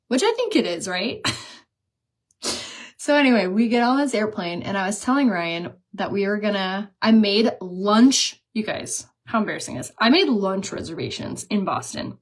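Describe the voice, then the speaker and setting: A chatty woman in her thirties talks straight to her viewers while she does her makeup. She tells self-mocking stories, laughs at her own mix-ups and speaks in a casual, everyday way. Her pitch sits in the middle for a woman. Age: 30s. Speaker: beauty vlogger.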